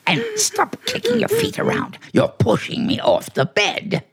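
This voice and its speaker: A man's voice: extremely high pitch, wildly swooping pitch, unhurried, vocal fry, full character voice. An actor playing a clever, bossy talking male house cat in a 1940s radio play, smug and theatrical. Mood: scheming.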